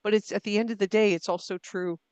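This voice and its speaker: A woman's voice: medium pitch, steady tone, quick pace, a little mellow, clear, resonant tone, dry recording. A middle-aged woman, an author and writing coach, answering interview questions in a thoughtful, self-deprecating way with fillers and restarts. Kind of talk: conversational interview.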